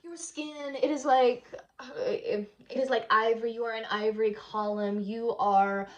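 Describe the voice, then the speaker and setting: An infatuated young princess pours out breathless, obsessive praise, as a woman puts her on. The voice sits a bit high, and it comes through as a casual vlog retelling of a play, recorded in a hotel room. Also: fairly even intonation, normal speed, lo-fi sound, close to an everyday voice. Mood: gushing.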